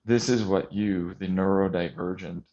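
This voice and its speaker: A man's voice: low voice, steady tone, normal speed, dark tone. A man vlogging an intense monologue, agitated and sarcastic as he rants. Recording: dull lo-fi recording.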